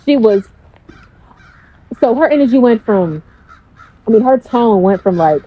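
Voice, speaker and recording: A woman's voice: fairly high pitch, expressive, measured pace, dull audio. A woman coach speaking in a casual, blunt storytelling style, swearing freely.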